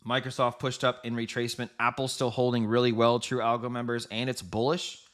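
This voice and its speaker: Talking quickly in a level, mid-range voice with a fairly bright edge, this trading livestream host keeps things casual. He comments on the markets, laughs often, and addresses the audience directly.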